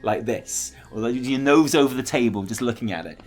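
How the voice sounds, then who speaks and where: A man's voice: medium pitch, brisk, soft background music. A British man co-hosting a casual gaming chat, rambling and laughing as he talks. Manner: animated, rambling, often laughing. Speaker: co-host.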